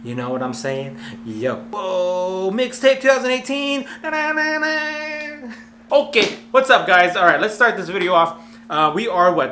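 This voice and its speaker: A man hosting comedic commentary on fail videos from a warehouse, talking in an energetic, jokey, self-mocking way. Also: sits high. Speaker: host of a fail commentary channel. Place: warehouse full of clothes. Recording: echoey warehouse with a faint hum.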